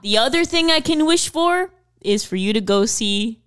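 Chatty woman with a smooth voice. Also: a little high, expressive, normal speed, a bit bright, dry recording, clean studio sound. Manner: chatty, laughs often, swears casually. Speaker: podcast co-host. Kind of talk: casual chat.

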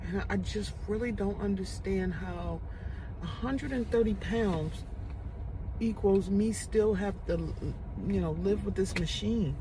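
A woman's voice: mid-range voice, a little slow, noisy background. A woman hosting a podcast talks through her frustration in a candid confession. Her voice sits in a middle range. She restarts her sentences often and sighs between thoughts. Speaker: podcast host.

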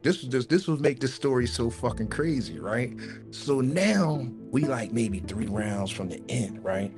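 A man, co-hosting a podcast and telling a long story in an animated way, repeating words and swearing freely. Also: medium pitch, unhurried, music in the background. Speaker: podcast co-host. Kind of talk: casual storytelling chat.

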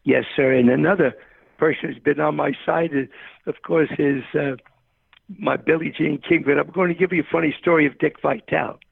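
Gravelly older man on a phone line. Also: on the high side, steady tone, fairly quick, dry recording. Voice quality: gravelly, husky. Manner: rambling, repeats the host's name often. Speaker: tennis coach, guest. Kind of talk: phone interview, storytelling.

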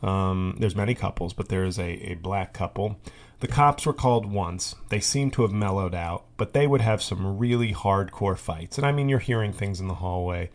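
A deep-voiced man speaking at a moderate pace hosts a podcast, delivering a comic monologue. It rambles through tangents, fillers, and restarts.

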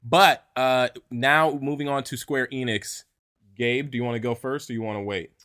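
A young man co-hosting a casual chat about video games. He jokes a lot, laughs easily and keeps the conversation moving. His pitch sits in an ordinary middle range. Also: steady tone, normal speed, sharp tone, clean tone. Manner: joking, laughs often, steers the talk. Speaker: podcast co-host.

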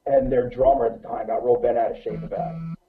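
A man spins a lively, swear-filled story about a night at a show. His voice comes through thin and phone-like, with a middling pitch. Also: quick pace. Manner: animated, profane anecdote-telling. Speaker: guest musician. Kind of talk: casual storytelling. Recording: tinny phone-like line.

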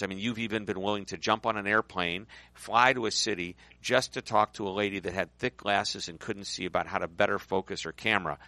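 A man's voice: fairly low pitch, pushed and bright, no echo. A middle-aged man hosting a business radio show, chatting and telling stories to his guest. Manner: storytelling, chatty, upbeat.

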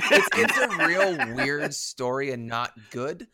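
Man, casual chat, lively pitch, bright voice, stammers and swears, dry recording. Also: takes it slowly, no room sound. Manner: animated, stammering restarts, swears.

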